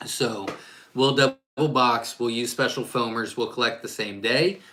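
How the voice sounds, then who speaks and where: A man's voice: medium pitch, unhurried, sharp tone. A man hosting a casual live-stream Q&A as a quail farm owner, chatty and rambling, reading viewer questions aloud and answering off the cuff.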